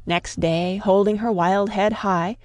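A woman reading a classic story aloud in measured, rhythmic storybook narration. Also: medium pitch, steady tone, darkish tone, no echo.

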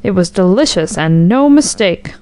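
A woman's voice: on the low side, lively intonation, normal speed, warm tone, dry recording, lightly acted. A woman voicing a chatty young male soldier who boasts and then grows frightened, in a storybook reading. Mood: boastful.

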